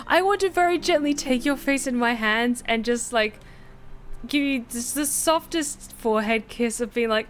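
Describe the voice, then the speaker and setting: A woman's voice: on the high side, moderate pace, faint music behind. A woman streamer giving casual, gushing commentary while she plays a game. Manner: gushing, excitable.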